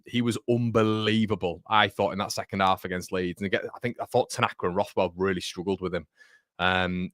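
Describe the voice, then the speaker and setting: A lowish, slightly bright voice belongs to a young North East England man hosting a live football watchalong for a fan channel. Chatty and blokey, he fills his talk with "mate" and "um," captured in studio quality with no room sound.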